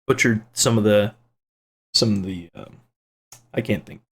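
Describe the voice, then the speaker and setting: A man with a fairly low, slightly rough voice reads his viewers' comments aloud on his own channel and answers them unhurriedly. It's casual chat, rambling and playful, with restarts and side jokes.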